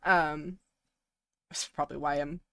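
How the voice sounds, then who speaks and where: A woman's voice: sits low, steady tone, a little slow, bright, forceful tone, clean tone, dry recording, clean studio sound. A young woman co-hosting a podcast, telling a long story casually with many ums and likes and frequent laughs. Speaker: podcast co-host.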